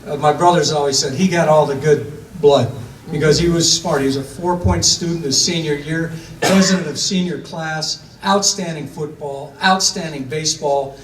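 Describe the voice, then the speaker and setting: An older man from Ohio tells a family story in a loose, rambling way, with plenty of fillers and little voices for the people he quotes. His voice sits a little high for a man. He sounds a bit away from the mic in an echoey room, with faint room noise behind him. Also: far from the mic. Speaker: storyteller recounting family history. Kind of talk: casual spoken storytelling.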